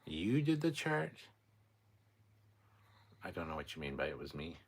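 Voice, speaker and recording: A man's voice: very animated, unhurried, husky. A sleep-deprived man hosting a casual late-night livestream, reading out chat and rambling in a tired, mumbling way. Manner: tired, rambling, drops to low mutters.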